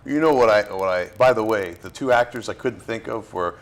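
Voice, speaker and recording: A man from Florida, an actor being interviewed, talking in a relaxed, halting way with fillers and restarts. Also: lowish voice. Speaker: actor guest. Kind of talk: casual interview talk.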